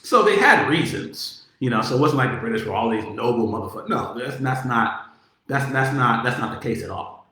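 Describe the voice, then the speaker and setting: A man giving a casual political monologue, talking in a profane, animated way, with many filler words. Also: medium pitch, brisk. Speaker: political commentator. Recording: very echoey room.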